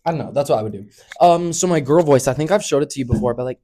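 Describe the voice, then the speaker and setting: Rambling young man, mellow tone. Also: mid-range voice, lively intonation, very fast. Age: young adult. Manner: rambling, full of fillers like "like" and "um". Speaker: podcast co-host. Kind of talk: casual chat.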